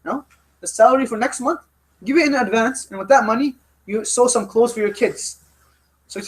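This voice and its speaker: A man's voice: extremely high pitch, a little fast. A man leading a youth study circle, telling a story as a lecture and repeating phrases for emphasis. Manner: repeats phrases for emphasis, often restarts lines.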